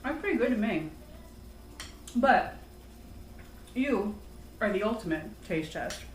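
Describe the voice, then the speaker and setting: A woman's voice: mid-range voice, expressive, slow pace. A chatty, cheerful woman talks casually in a home kitchen. Her mid-range voice echoes around the room. Faint noise sits underneath. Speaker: vlogger. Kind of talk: casual chat.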